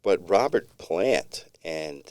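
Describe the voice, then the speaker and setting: A man's voice: low-pitched, expressive, takes it slowly, darkish tone, no room sound. A middle-aged man co-hosting a podcast, telling a long story in a rambling, laid-back way with many restarts. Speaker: podcast co-host. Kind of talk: casual storytelling chat.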